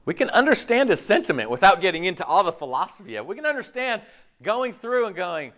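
Male pastor, sermon, high and very expressive voice, rhetorical check-ins. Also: fast talker. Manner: animated, rhetorical, checks in with "right?".

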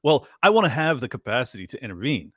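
Casting a male podcast host, mid-pitched, sarcastic and rambling, in a dry, close recording. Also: big pitch swings, fast talker, fairly bright tone, slightly rough, no room sound. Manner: sarcastic, rambling, swears, acts out quoted voices. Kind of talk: casual political chat.

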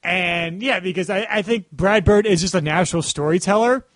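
A male podcast host chats casually, rambling and piling up fillers as he goes. His voice sits high for a man. The sound is dry and close, with no room echo. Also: normal speed.

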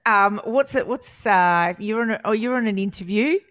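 A woman's voice: mid-range voice, normal speed, fairly bright tone. An Australian woman co-hosting a radio interview, eagerly prompting her guest with questions. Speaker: radio co-host. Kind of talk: casual interview chat.

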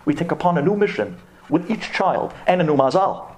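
A man giving a sermon in an animated storytelling manner, dropping to low asides and rising to high exclamations. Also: a little fast, slight background noise. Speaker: rabbi giving a Torah talk.

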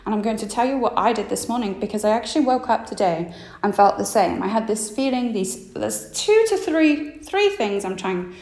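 Expressive woman podcasting. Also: mid-range voice, normal speed. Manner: expressive, acts out her own inner thoughts in a livelier voice. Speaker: podcast host. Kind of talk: solo podcast talk about mindset. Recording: roomy echo.

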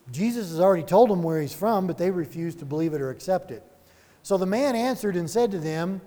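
Man, high-pitched voice, conversational sermon, rhetorical questions, reverberant hall. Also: a little fast. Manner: animated, chuckling asides, rhetorical questions. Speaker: Bible study teacher.

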